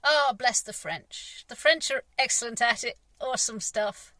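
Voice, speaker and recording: Recorded with no room sound and in low quality, this woman from England has a fairly high, sharp voice and a measured pace. She's a gardener delivering a candid, rambling vlog monologue, frustrated and full of sighs and fillers.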